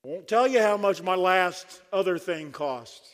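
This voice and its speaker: A man's voice: high-pitched, animated, measured pace. A man preaching a sermon at a conference, fervent and dry-humored. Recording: long hall reverb.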